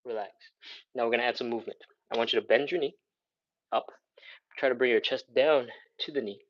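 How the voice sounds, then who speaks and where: A man's voice: medium pitch, fast talker, highs cut off. A man leading a live stretching workout, counting reps and encouraging viewers while out of breath.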